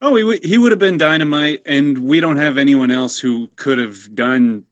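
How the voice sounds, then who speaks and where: A man co-hosting a podcast in a relaxed, easygoing way, laughing along with his partner. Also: fairly high pitch, moderate pace, no echo, muffled recording. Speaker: podcast co-host. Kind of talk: casual chat.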